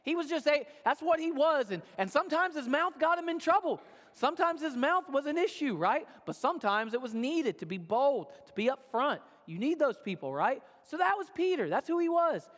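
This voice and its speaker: A man's voice: very high voice, big pitch swings, normal speed, fairly bright tone. A male pastor telling a sermon story in a casual, conversational way, often checking in with "right?". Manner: conversational, tags lines with "right?". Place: church auditorium. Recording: long church-hall reverb.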